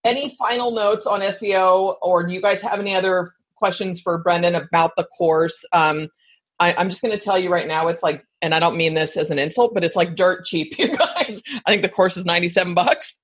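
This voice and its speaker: A woman hosting a casual live-stream chat, talking in a quick, chatty way and laughing often. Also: lowish voice, husky. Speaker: podcast host.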